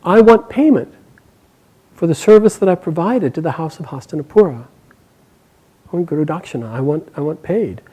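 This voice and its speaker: A man voicing a vengeful older male teacher who insists on payment, in a quiet and insistent way within a spoken story. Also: a little high, expressive, normal speed, pauses often, slightly rough, rough recording.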